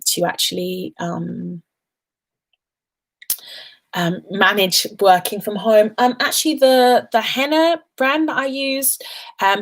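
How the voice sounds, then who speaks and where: A British woman hosting a casual hair care livestream, chatting to viewers with many ums and warm affection toward her audience. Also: fairly low pitch. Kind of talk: casual live chat answering viewers. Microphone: webcam livestream.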